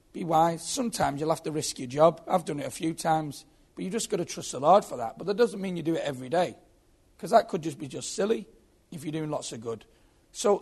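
A man's voice: on the high side, slightly rough. A man telling his own story as a Christian testimony, earnest and often repeating his words. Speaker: former prisoner giving testimony.

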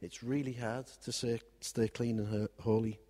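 A man's voice: mid-range voice, level tone, moderate pace, dark tone. A male preacher with a mid-range voice, speaking in a wry, conversational tone and building his points through repetition. His voice carries a long reverb tail from a large hall. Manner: wry and conversational, with repeated phrases. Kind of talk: sermon.

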